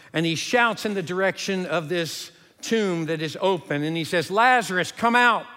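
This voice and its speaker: Earnest male preacher with a high voice, recorded with long reverb. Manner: earnest preaching, drops to a hush for emphasis. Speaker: pastor. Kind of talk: sermon.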